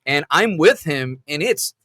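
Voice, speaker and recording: Guy swearing his way through old army stories, higher voice, dry close mic, gets loud when he quotes people. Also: a little slow, no echo. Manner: animated, acts out yelled quotes. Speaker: veteran telling war stories. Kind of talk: casual storytelling with profanity.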